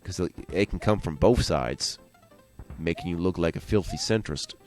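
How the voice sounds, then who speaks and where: A man's voice: sits low, lively intonation, normal speed, darkish tone, soft background music. A man giving casual, rambling gameplay commentary as a let's play host, joking and going off on tangents.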